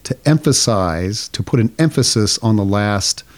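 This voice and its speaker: On a podcast he co-hosts, a man with a lowish voice and lively intonation explains liturgical chant one step at a time at a moderate pace. The conversation is relaxed, and he sings brief examples along the way.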